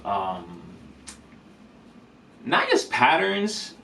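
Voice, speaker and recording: A man giving a casual drum lesson in a vlog, talking in a relaxed, rambling way with lots of fillers and restarts. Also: mid-range voice, drawn-out words, gravelly, a little hiss or hum. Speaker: drum teacher vlogger. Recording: distant mic, faint room ambience.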